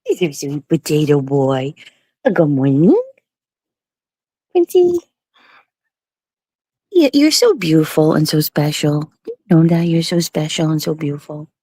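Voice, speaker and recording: A woman's voice: sits low, animated, a little slow, pauses often, dark tone, no echo. A woman host cooing baby talk to her pet dog. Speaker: show host.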